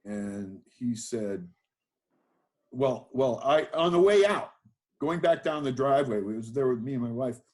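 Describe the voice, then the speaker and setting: A man's voice: medium pitch, expressive, a little slow, darkish tone. Older man telling rambling stories. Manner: rambling, self-deprecating, with fillers and restarts. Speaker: guest, winemaker. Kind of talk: storytelling interview.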